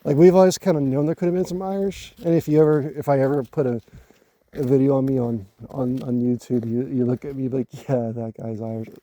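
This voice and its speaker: A man from Canada talking casually to his phone in the woods at night, halting and musing as he repeats words while gathering his thoughts. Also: mid-range voice, fairly even intonation, dark tone, no room sound. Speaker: vlogger. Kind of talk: casual rambling talk to camera. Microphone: handheld phone.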